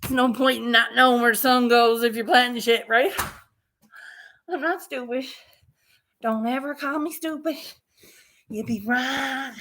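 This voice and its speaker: Woman vlogger, higher voice, slow unhurried delivery, excitable and foul-mouthed, rambling outdoor phone video. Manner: excitable, rambling, swears freely. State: a little out of breath. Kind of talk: casual gardening vlog.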